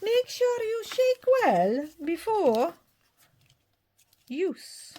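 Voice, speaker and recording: Woman doing a vampire parent, mock-stern, high, loud, odd put-on Scottish-like accent, slow warning. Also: very animated, full character voice. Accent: put-on odd Scottish-like mix.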